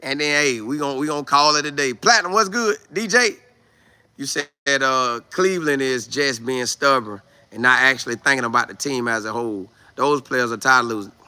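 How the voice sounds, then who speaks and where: A man hosting a live stream, casually talking football in an animated, slangy way and answering viewer comments. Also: mid-range voice, normal speed, clean tone. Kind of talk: casual sports chat, reading viewer comments.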